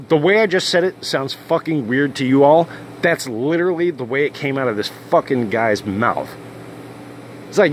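A man's voice: medium pitch, moderate pace, a little hiss or hum. A man telling a crude, swear-filled story as the host of a casual rant video. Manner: crude, swearing constantly, animated. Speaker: channel host.

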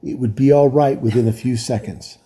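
A man reading a children's novel aloud in calm, steady narration. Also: medium pitch, moderate pace, slightly rough. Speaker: volunteer reader.

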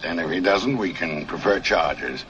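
An actor playing a stern, measured grandfather in a 1950s film comedy. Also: sits low, fairly bright tone, highs cut off, slight background noise. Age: older. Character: stern grandfather, older man.

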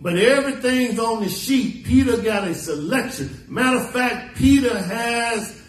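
A man's voice: very high voice, expressive, measured pace. A man preaching a sermon as pastor, mixing folksy stories and dramatic quoted lines. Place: church sanctuary. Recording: echoey church recording from a distance.

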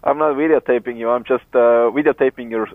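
A young man rides his motorcycle and chats into a helmet headset. His mid-pitched voice comes through thin and phone-like, and his talk is loose, with easy restarts. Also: steady tone, brisk, no echo. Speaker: motorcycle vlogger. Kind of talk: casual chat while riding. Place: on a motorcycle outdoors. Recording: tinny phone-like headset audio.

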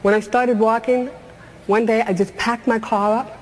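A woman's voice: a little high, steady tone, moderate pace. A middle-aged woman giving a motivational talk, telling her life story earnestly with humorous asides. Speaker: motivational speaker.

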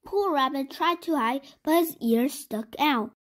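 Slow high-voiced woman reading a storybook. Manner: slow, clear, expressive reading. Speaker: children's story reader. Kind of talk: storybook read-aloud.

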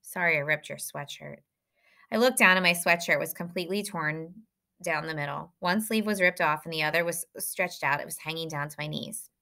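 A woman reads a novel aloud in a bright, sharp-edged voice pitched a little low for a woman. Her first-person storytelling is lively and well paced. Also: fairly quick. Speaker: audiobook reader.

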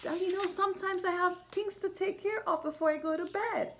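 Woman reading as a tender storybook mama llama, bright, soothing and reassuring. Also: very high-pitched, expressive, normal speed, a little hiss or hum, pitched above the performer's own voice. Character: gentle, soothing mother llama.

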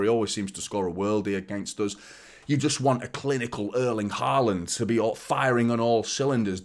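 A man hosting a casual football preview monologue, rambling and opinionated, who often restarts his sentences, repeats words and laughs as he goes. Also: medium pitch. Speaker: football fan channel host.

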